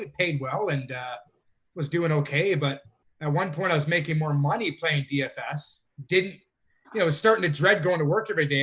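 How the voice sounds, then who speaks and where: A man from Canada talks through his story in a relaxed, rambling way, often correcting himself mid-sentence. His voice sits a little higher than most men's. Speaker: guest, fantasy sports player. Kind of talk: casual interview chat.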